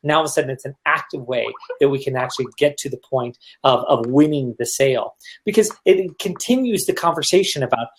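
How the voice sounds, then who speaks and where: A man's voice: medium pitch, a little fast, hardly any pauses, a little hiss or hum. A man who is a guest on a live video-stream chat, explaining his points in an earnest way over a video call.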